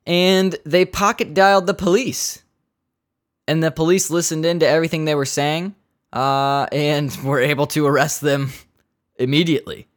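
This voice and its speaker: A man's voice: on the high side, smooth. A man hosting a podcast, chatting casually in a rambling, joking way with some swearing. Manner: rambling, jokey, swearing, laughing at his own asides. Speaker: podcast host. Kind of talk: casual solo podcast chat.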